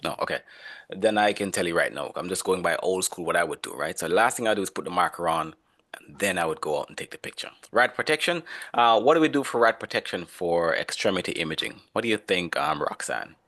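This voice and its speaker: A man with a low voice leads an online lesson. He talks in a relaxed, conversational way and stops often to quiz students by name. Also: fast talker. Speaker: instructor. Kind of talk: online class lecture.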